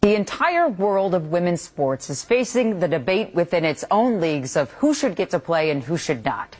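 A woman's voice: on the low side, very animated, normal speed, darkish tone, husky. A woman news anchor giving a scripted, pointed commentary, played as a clip from a TV broadcast. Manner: pointed, editorializing delivery.

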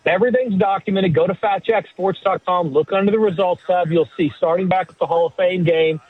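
A middle-aged man calling in to a sports radio show, rambling, joking about himself and pitching his picks. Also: fairly even intonation, fairly quick, husky. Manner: rambling, self-mocking, salesy. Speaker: sports betting guest. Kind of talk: casual radio call-in chat. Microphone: phone line. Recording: tinny dry phone line.

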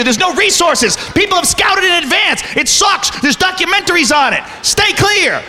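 A man's voice: very high voice, sharp tone, slight background noise. A male stand-up comedian ranting in a profane, incredulous way. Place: comedy venue with live audience. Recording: reverberant venue with audience.

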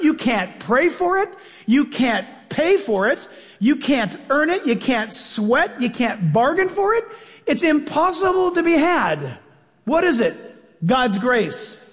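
High-voiced male preacher in a reverberant hall. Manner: emphatic, conversational preaching with repeated phrases. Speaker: pastor. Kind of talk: sermon. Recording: long reverb of a large hall.

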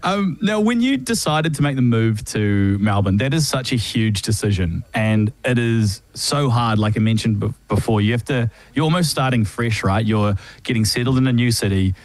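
A man's voice: mid-range voice, lively intonation, moderate pace, hardly any pauses, dry recording. A man with a New Zealand accent hosting a casual interview, asking questions with enthusiasm. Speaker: podcast host.

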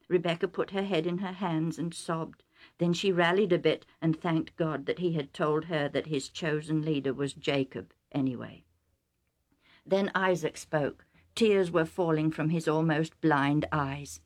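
A woman narrating a story aloud in an even, measured way. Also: deep voice, faint music behind.

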